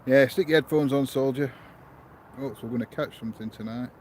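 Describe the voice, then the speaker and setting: A man's voice: mid-range voice, a little fast, a little mellow, slight background noise, poor audio. Chatty man streaming live outdoors. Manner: chatty, greets viewers by name. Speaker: paranormal investigator streaming live. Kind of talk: casual live-stream chat.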